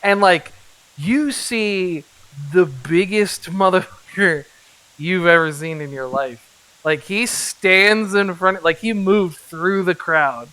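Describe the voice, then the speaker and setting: A man's voice: high-pitched, slow, pushed and bright, no room sound. Rambling, laughing male game master. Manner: loose, rambling, laughing often. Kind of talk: narrating a tabletop game.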